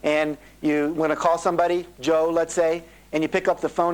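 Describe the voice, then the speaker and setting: A man's voice: on the high side, fairly quick, few pauses, low-quality recording. A middle-aged man speaking at a live motivational seminar, telling stories and acting out the voices of the people in them, from an old cassette tape. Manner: animated storytelling, acting out quoted voices.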